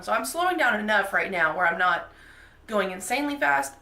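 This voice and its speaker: A woman vlogger telling a funny personal anecdote in a casual, animated, self-mocking way. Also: medium pitch, quick pace, creaky, echoey room. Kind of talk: casual storytelling.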